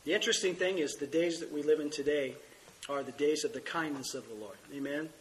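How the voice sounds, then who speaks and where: A man's voice: on the high side, a little fast, fairly bright tone, slight background noise, rough recording. A middle-aged male pastor teaching a sermon with earnest scripture reading while fighting a cold and coughing. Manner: earnest, reads scripture aloud.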